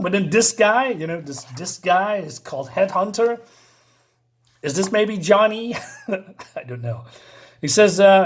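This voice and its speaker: A man's voice: on the high side, expressive, measured pace. A man talks casually through a comic book. He reads the speech bubbles aloud in loose, half-acted voices and laughs often between panels. His delivery stays loose and chatty, full of fillers.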